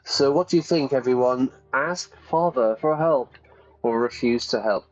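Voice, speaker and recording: A man's voice: mid-range voice, a little slow. A man who teaches English while playing a game aloud, chatty and often checking in with his listeners. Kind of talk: reading a game aloud with vocabulary comments. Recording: dull sound with faint music.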